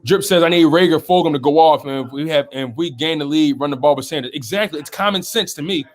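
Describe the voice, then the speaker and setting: Chatty Philly sports stream host. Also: male voice, on the high side, fast talker. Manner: chatty, reads out viewer comments and reacts. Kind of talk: casual sports talk live stream.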